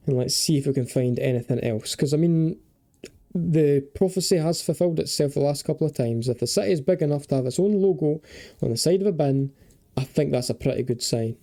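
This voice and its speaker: A man's voice: mid-range voice, moderate pace, dark tone. A young man giving chatty, casual commentary while playing a geography game, thinking aloud and swearing and joking freely. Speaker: gaming video creator.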